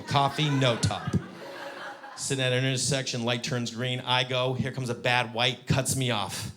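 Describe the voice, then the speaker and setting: On a live stage, a man performs a stand-up comedy set, animated throughout and breaking into loud, high-pitched punchlines.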